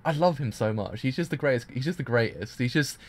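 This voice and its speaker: Animated, gushing male reaction streamer. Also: mid-range voice, fast. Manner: excitable, gushing, many restarts and fillers. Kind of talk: casual live reaction commentary.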